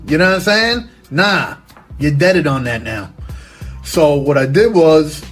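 A young man casually telling a crude story, full of street slang and profanity, with frequent "you know what I'm saying.". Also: on the high side.

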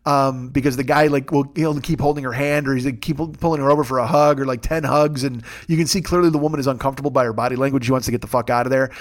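Fast-talking wry rambling man. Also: medium pitch, steady tone. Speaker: podcast host. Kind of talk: casual comic monologue.

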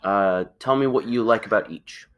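A man's voice: fairly low pitch, normal speed, a bit bright. A man co-hosting a casual family podcast with his child, talking loosely with many fillers and restarts. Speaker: podcast co-host and parent.

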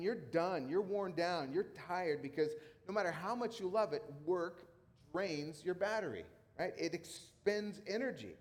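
A middle-aged man who is a pastor, preaching a sermon in a casual, conversational way with emphatic repetition. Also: high-pitched. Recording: long hall reverb.

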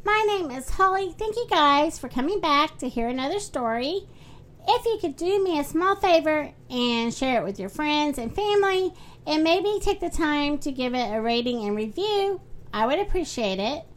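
A woman hosting a children's story podcast, reading a storybook aloud with lively character voices. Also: high voice, normal speed.

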